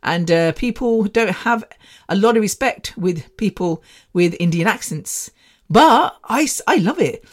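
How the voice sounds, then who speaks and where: A woman's voice: mid-range voice, animated, a little slow. Chatty woman rambling with laughs. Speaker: podcast host. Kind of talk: casual solo podcast chat.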